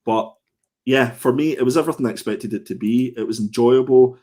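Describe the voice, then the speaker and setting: A man's voice: medium pitch, a little fast, warm tone. A man co-hosting a casual comic review show, thoughtful and hesitant, often restarting his sentences. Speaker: co-host.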